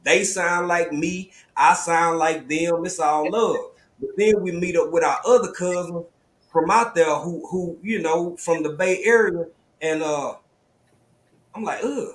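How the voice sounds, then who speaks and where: Southern male host, animated storytelling delivery, slightly high voice, roomy sound. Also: unhurried. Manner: animated, storytelling, drawling slang. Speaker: live stream host. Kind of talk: casual panel talk. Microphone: video call.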